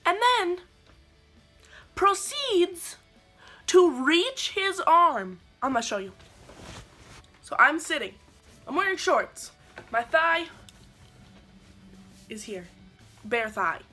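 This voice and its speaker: Bright, animated young woman vlogger. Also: very high voice, slow pace, long pauses, faint music behind. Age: 20s. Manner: animated, sarcastic storytelling with quoted asides. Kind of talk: storytelling vlog.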